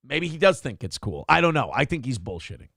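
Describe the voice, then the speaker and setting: Gravelly crude-joking male show host. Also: medium pitch, very animated, brisk, heavy background noise. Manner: crude, joking, rambling storyteller. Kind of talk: casual comedic chat.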